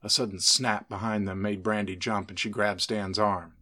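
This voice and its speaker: A man narrating a scripted spooky story in a steady, measured reading. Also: lowish voice, background noise.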